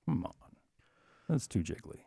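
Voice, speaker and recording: A man's voice: normal speed, dark tone, no echo. A man co-hosting a casual podcast chat, laid-back and mumbly, often trailing off. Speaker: podcast co-host.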